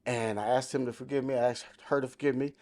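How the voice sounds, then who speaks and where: A man's voice: mid-range voice, fairly even intonation, fast, darkish tone. A man of sixty telling his life testimony in casual podcast talk, emphatic and storytelling, quoting the people in it. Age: 60s. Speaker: podcast guest.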